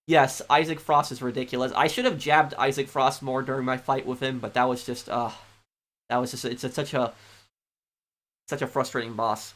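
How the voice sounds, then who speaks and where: A man's voice: mid-range voice, steady tone, normal speed, fairly bright tone. A man streaming a game, casually reading out viewer messages and thanking them one after another. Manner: easygoing, thanks viewers repeatedly. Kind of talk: casual live-stream chat while gaming.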